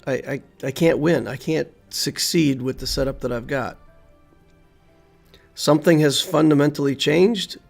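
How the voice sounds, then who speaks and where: Man, gravelly voice, game streamer, live gameplay commentary, mutters to himself, faint music behind. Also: a little high, measured pace. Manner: thinks aloud, mutters to himself while playing.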